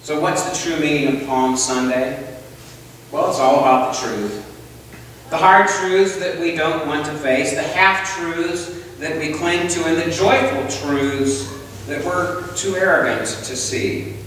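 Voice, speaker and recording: A man's voice: fairly high pitch, unhurried, fairly bright tone, slight background noise. A male pastor preaching a sermon in church, telling a story and putting questions to the congregation. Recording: echoey church hall, distant mic.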